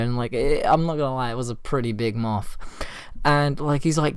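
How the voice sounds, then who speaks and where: A man with a hoarse voice from a cold, telling a story to his viewers in a casual, rambling way with lots of fillers. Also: medium pitch, brisk, dry recording. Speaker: vlogger.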